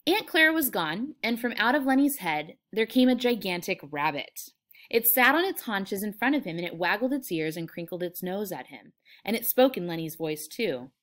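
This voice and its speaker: A woman's voice: mid-range voice, big pitch swings, moderate pace, fairly bright tone. A woman English teacher reading a novel aloud and explaining it to her students, with frequent fillers.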